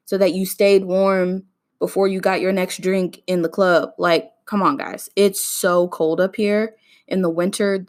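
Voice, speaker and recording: Young woman, podcast host, chatty rant, slightly low voice, casual. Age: 20s. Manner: chatty, ranting, addresses listeners as y'all. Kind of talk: casual solo podcast monologue.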